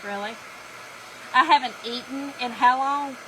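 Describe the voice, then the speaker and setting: Brief: middle-aged woman, animated live-stream storyteller, bright high voice, noisy room with a hair dryer running. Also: measured pace. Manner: chatty, animated, laughing, talks to viewers as y'all. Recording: background noise with a hair dryer.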